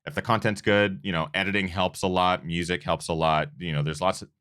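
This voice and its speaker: Show host, very low voice, earnest and rambling, casual delivery. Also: male voice, fairly even intonation, fairly quick, fairly bright tone, clean tone, no room sound, studio quality. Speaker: host of a running channel. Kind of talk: casual awards show chat.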